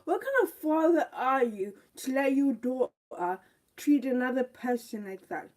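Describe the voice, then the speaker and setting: A woman's voice: high-pitched, animated, a little slow, darkish tone. A young woman giving a live review of a TV show, ranting indignantly and firing off rhetorical questions.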